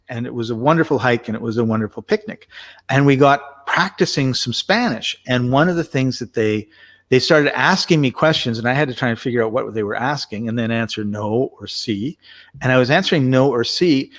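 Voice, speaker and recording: Guy rambling thru a story, lots of restarts, gets animated, average pitch. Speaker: co-host. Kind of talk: casual conversational chat.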